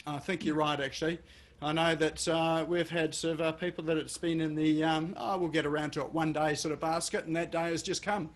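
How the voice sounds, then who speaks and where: Aussie male webinar host on a video call, light high voice, rambling friendly filler-heavy chat. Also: flat delivery, brisk, a little hiss or hum. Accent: Australian. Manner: hesitant, many fillers.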